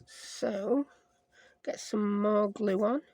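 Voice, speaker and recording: Gravelly-voiced chatty Sheffield woman. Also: mid-range voice, very slow, a little mellow, no echo. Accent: Sheffield English. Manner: rambling, self-mocking chatter with playful made-up words. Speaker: craft vlogger. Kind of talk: chatty craft-along narration.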